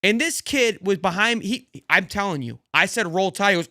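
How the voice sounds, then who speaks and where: A man with a big, loud voice, co-hosting a sports podcast and boasting about trash talk in casual banter. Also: sits high, fairly quick, dry recording, studio quality.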